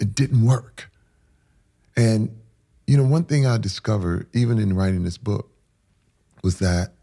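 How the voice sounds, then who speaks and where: A middle-aged man, a guest in an interview, telling an emotional personal story with intensity, dropping to hushed whispers and rising in sudden loud bursts. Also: fairly low pitch, gravelly, slightly rough.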